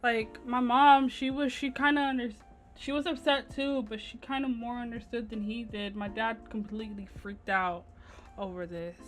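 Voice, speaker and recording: A woman plays a stressed-out pregnant teen in a life-sim game. She rambles and restarts, padding every thought with "like". The voice is slightly high, with faint game music under it. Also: steady tone, normal speed, lightly acted. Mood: upset. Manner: rambling and anxious, lots of "like". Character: distressed pregnant teen girl, kicked out.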